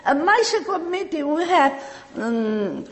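A woman's voice: high voice, very animated, unhurried, long reverb tail. An older woman from Spain with a Spanish accent, telling a personal story in broken English, often laughing.

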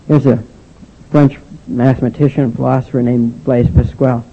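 Older man, gravelly, mid-pitched, halting testimony speaker, dull lo-fi recording. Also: flat delivery. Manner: halting, with frequent "and, uh" restarts. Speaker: speaker sharing his recovery story. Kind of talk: personal testimony speech.

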